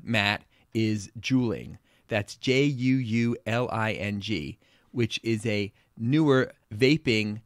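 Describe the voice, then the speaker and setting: A man with a Long Island accent talks through teen health news as a pediatric co-host. He is blunt and opinionated. His voice sits in a middle pitch, and the recording is dry and close with almost no room sound. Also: no echo. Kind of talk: casual health talk.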